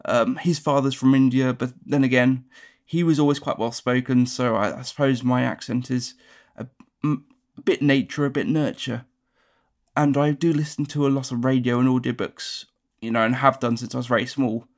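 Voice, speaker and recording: A man's voice: medium pitch, fairly even intonation. A young man from Surrey with a near-RP Surrey accent, reading a story aloud and then rambling casually about his hometown. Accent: Surrey English, close to received pronunciation. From Surrey, England. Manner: quick, rambling with restarts. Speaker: dialect archive speaker.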